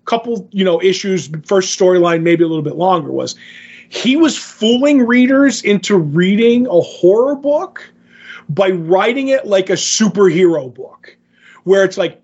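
A man in a casual podcast chat, retelling comic stories with animated energy and acting out the quotes. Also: high voice, a little slow, breathy edge. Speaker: podcast co-host. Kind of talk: casual comic book discussion. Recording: dull lo-fi sound.

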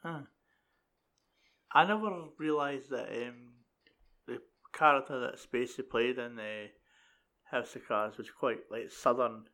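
A man's voice: medium pitch, slow pace, long pauses, bright, forceful tone. A man co-hosting a podcast, chatting casually and hesitantly with many fillers. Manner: hesitant, full of fillers, dry. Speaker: podcast co-host. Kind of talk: casual chat.

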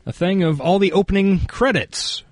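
A man's voice: sits high, normal speed, no echo. A man co-hosting a podcast in casual chat, dropping dry, teasing quips. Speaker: podcast co-host.

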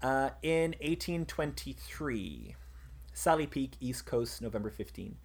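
A man's voice: mid-range voice, animated, unhurried, vocal fry. A man presenting history in a casual conversation, reading out passages, with many fillers and restarts. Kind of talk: casual podcast chat.

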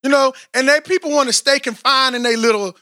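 A man's voice: extremely high pitch, fairly quick, no echo, studio quality. A man, chatting casually and animatedly in a rambling, slangy way as a podcast co-host. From Texas, USA. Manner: animated, rambling, slangy, frequent "you know what I'm saying". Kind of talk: casual chat.

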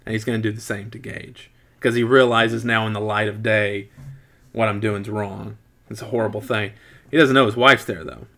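A man's voice: fairly low pitch, normal speed, gravelly. A man casually recapping a movie plot as a podcast co-host, with wry asides. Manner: animated retelling with wry asides.

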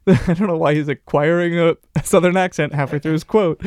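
A man's voice: fairly high pitch, a little fast, gravelly, a little mellow, dry recording, studio quality. A man co-hosting a podcast, chatting casually about baseball history in a rambling, joking way with many fillers. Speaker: podcast co-host.

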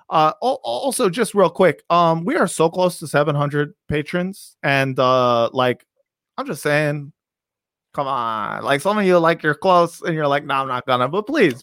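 A man hosting a casual podcast, talking in a rambling, halting way with many fillers and restarts. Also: a little high, lively intonation, a bit bright, dry recording, studio quality. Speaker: podcast host.

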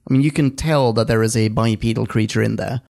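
A man co-hosting a podcast in casual chat, excitable and prone to laughing. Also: lowish voice, fast, vocal fry. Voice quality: animated, giggly, excitable. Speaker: podcast co-host.

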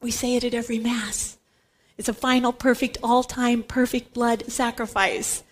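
Speaking at normal speed with little pitch movement, a high-voiced woman delivers an emphatic scripture teaching. She repeats key words again and again for emphasis, in the style of a Catholic Bible teacher.

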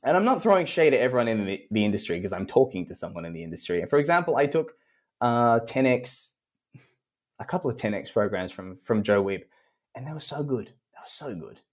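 A young Western Australian copywriter talks fast as a guest in a casual podcast interview. He's animated, and his pitch jumps up whenever he quotes people.

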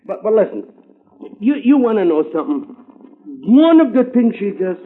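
A man's voice: high voice, big pitch swings, normal speed. An actor playing a pushy, slangy male talent agent in a 1950s radio drama. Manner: brash slangy New York patter. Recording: tinny old radio broadcast.

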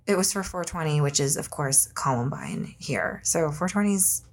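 A woman's voice: low voice, expressive, moderate pace. A woman co-hosting a podcast from home, chatting loosely, swearing freely and reading her sponsor and show credits. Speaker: podcast co-host. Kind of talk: casual chat with ad reads.

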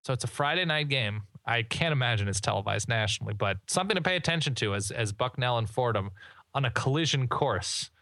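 A man's voice: medium pitch, lively intonation, a little fast, sharp tone, dry recording. A man co-hosting a podcast, chatting casually about college football with joking, rambling asides. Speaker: podcast co-host. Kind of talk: casual sports chat.

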